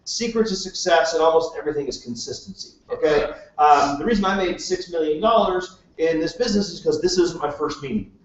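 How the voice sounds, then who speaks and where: A man with a fairly high voice gives a casual sales pitch to a live audience, joking and tossing questions at the crowd. He sounds distant and echoey in a large room, with a dull, muffled quality and a faint hiss. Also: a little fast, hardly any pauses. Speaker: presenter at a live business meeting.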